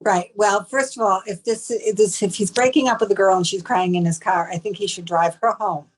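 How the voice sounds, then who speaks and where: A woman's voice: mid-range voice, steady tone, fairly quick, low-quality recording. A woman guest, a mental health professional, giving advice in an interview, hesitant with many ums and restarts.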